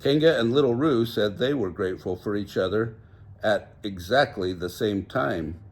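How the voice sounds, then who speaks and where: An older man reading a children's picture book aloud, gently voicing each character. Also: on the low side, normal speed. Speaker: storybook reader.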